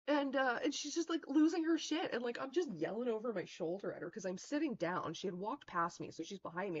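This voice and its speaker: A woman's voice: a little high, animated, brisk, hardly any pauses. A woman streamer telling a long story in a casual, rambling way, full of swearing and fillers. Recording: dull lo-fi stream mic.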